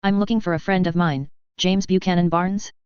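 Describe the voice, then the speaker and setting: A woman's voice: on the low side, fairly even intonation, normal speed, a little mellow, smooth, no echo, lightly acted. Woman reading as an earnest soldier hero. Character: earnest determined male super soldier. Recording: dry, slightly dull home recording.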